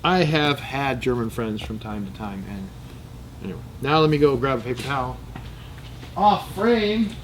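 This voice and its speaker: Animated and moderately paced, a mid-range American male voice belongs to a channel host casually cleaning and taking apart a gun. He mutters to himself, thinks aloud and wanders into joking tangents. The recording is rough, with slight background noise.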